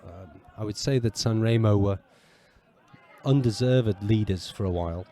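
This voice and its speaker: A man co-hosting a casual football chat outdoors at a ground, playfully teaching Italian words slowly and patiently between remarks on the match. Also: on the low side, dark tone. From England. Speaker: podcast co-host. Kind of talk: casual match commentary and banter.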